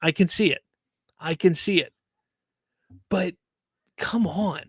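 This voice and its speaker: A man with a fairly high voice holds forth as host of his own casual commentary show. He rambles and circles back over the same points in an animated way, close on the mic. The sound is dry, with no room around him. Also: slow pace, slightly rough, dry recording. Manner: animated, rambling, repeats himself.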